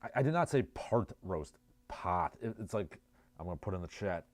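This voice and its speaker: A man's voice: fairly low pitch, very animated, brisk, a little mellow. A man with a New Jersey accent hosting a casual livestream, reading chat messages and riffing with sardonic, rambling asides. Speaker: livestream host.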